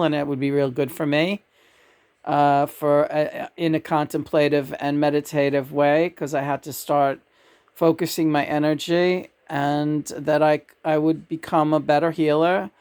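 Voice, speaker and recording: A woman's voice: sits low, a little mellow. Chatty emotional woman telling a story. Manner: chatty and emotional, laughs often, many restarts. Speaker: channel and vlogger. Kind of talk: casual personal storytelling.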